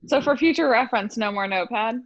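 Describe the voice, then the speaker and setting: A woman competing in an online spelling game, playful and quick to protest. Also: fairly high pitch, dry recording. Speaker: game contestant. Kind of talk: casual game-show banter. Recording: dull dry sound.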